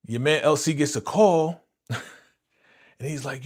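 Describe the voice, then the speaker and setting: A man hosting a live reaction stream, excitedly retelling a TV episode in slangy, chuckling casual talk. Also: mid-range voice, takes it slowly.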